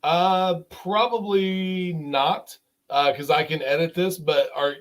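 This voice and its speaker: A man who produces video, chatting casually from his home studio. He speaks in a relaxed, halting way. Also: a little high. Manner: relaxed, halting, many fillers. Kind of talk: casual chat.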